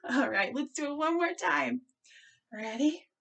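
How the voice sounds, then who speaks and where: A woman children's librarian leading a storytime with a gentle, encouraging, sing-song way of talking to young children. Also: high-pitched, animated, unhurried, vocal fry.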